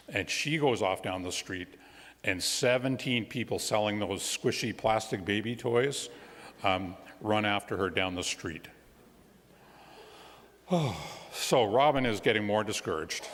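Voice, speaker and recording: A man who is a guest minister, telling a children's story during a church service in an animated storytelling manner with friendly asides. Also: on the low side, measured pace. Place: church sanctuary. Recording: long church reverb.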